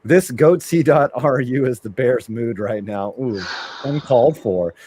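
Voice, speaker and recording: A man's voice: medium pitch, measured pace, mellow, breathy edge. Joking man hosting a live stream. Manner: joking, reading viewer messages aloud. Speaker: livestream host. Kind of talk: casual live reaction chat.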